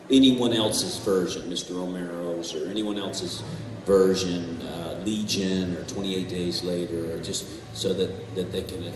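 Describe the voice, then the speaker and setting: A man on a convention panel telling animated stories, swearing and laughing as he goes. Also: low voice, background noise. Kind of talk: storytelling on a panel. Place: large convention hall. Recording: echoey hall, far from mic, faint ambience.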